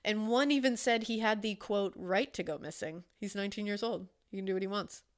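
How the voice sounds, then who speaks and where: A woman's voice: mid-range voice, fairly quick. Casual podcast woman telling a true crime case, acts out the quotes, swears a lot.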